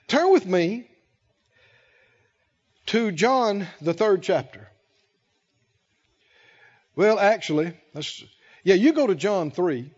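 A male pastor preaching a sermon, speaking slowly and with emphasis, pausing to let the congregation fill in key words. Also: sits high, darkish tone. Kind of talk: sermon with call-and-response. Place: church sanctuary. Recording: lo-fi with long hall reverb.

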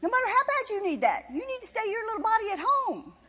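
High, lively woman preaching. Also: fast. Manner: impassioned, emphatic, repetitive preaching. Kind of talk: sermon. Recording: dull sound with long reverb in a hall.

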